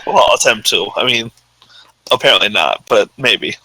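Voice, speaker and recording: A man's voice: on the low side, expressive, moderate pace, bright, forceful tone, poor audio. A man playing a tabletop game who talks in a hesitant, hedging way. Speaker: player. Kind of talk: casual tabletop play.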